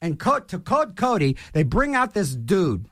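A man delivering a comedic rant, rambling and animated, full of restarts and mock voices. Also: high-pitched, measured pace.

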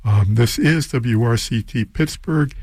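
A man's voice: medium pitch, unhurried, darkish tone, breathy edge, no echo. A man hosting a casual radio show, rambling and unsure of himself as he back-announces songs with self-deprecating asides.

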